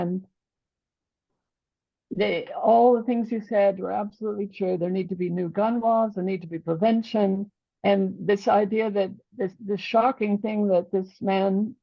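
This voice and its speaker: A woman on a video call speaking earnestly in agreement, with halting restarts. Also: medium pitch, creaky, muffled recording. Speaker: podcast participant. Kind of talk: casual chat on a video call.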